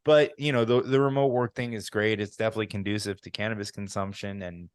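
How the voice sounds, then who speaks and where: Casting: very low-voiced male host, chatty, dry close sound, home office. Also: steady tone, fast talker, clear, resonant tone, no echo. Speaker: podcast host. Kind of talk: casual interview conversation.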